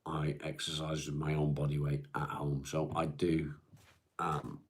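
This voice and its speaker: A middle-aged man hosting a live stream, chatting in a weary, halting way with many restarts. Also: a bass voice, monotone, slight background noise. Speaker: live-stream host reading viewer comments. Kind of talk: casual chat.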